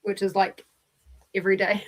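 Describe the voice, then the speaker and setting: A woman's voice: mid-range voice, completely flat delivery, normal speed, rough recording. A woman with a New Zealand accent hosting a book club stream, chatting casually and telling stories with laughs. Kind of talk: casual chat.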